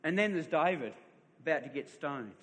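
A middle-aged man preaches in a high, bright voice, telling a personal story and often repeating his words as he builds up. His voice rings out with a long reverb, as in a large hall. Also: expressive, moderate pace. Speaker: pastor. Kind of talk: sermon.

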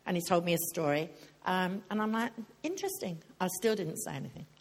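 A woman's voice: fairly low pitch, fast. Older female preacher, conversational and humorous, draws the audience in. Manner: chatty, joking, questions the audience. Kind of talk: sermon.

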